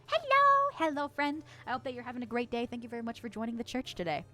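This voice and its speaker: A woman's voice: on the high side, steady tone, rapid-fire, soft background music. A young adult woman streaming and casually chatting as she reads chat, bubbly and giggly with playful squeals.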